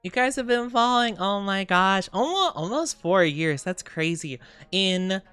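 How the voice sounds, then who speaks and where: A woman's voice: medium pitch, lively intonation, a little slow, a bit bright, clear, resonant tone, no room sound, soft background music. A tired woman streamer rambling and giggling in casual chat, greeting viewers as she goes.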